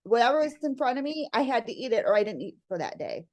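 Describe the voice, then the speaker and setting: Telling a family story as a guest, a middle-aged woman chats casually, animated and laughing a lot as she acts out what her relatives said. Her pitch is fairly high and she talks fast.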